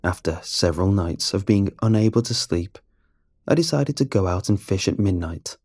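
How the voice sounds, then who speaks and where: A man narrating a first-person horror story in a measured, steady storytelling manner. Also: sits low, no echo.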